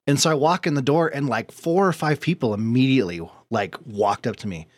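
A man's voice: medium pitch, brisk, no room sound. A young man chatting casually, telling a story with lots of laughter. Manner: animated storyteller, laughs often. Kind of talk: casual chat.

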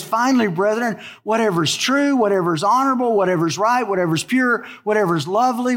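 High-voiced pastor preaching in a hall. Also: male voice, fairly bright tone. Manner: conversational storytelling preacher with emphatic stretched words. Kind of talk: sermon.

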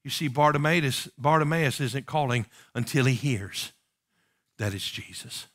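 A man, a pastor preaching a passionate sermon, swinging from loud emphatic calls to hushed pleading and asking the congregation rhetorical questions. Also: mid-range voice, measured pace.

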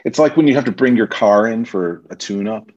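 A man guest on a podcast, telling stories from his acting career in a lively, casual way and acting out the people he quotes. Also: lowish voice, brisk. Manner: animated storyteller, acts out quoted voices. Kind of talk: casual storytelling interview. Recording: muffled lo-fi recording.

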